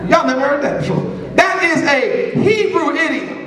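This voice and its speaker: A man preaching a sermon, calling out to the congregation and rising into shouts. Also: very high-pitched, very animated, moderate pace, far from the mic. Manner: call-and-response preaching, swells to shouts. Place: congregation room. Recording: echoey room from off mic.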